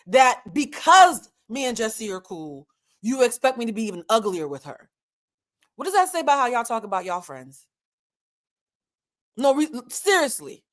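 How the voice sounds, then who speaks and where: A woman hosting a commentary channel, talking straight to her viewers in an impassioned, lecturing rant full of pointed rhetorical questions. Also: fairly high pitch. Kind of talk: direct-to-camera commentary rant.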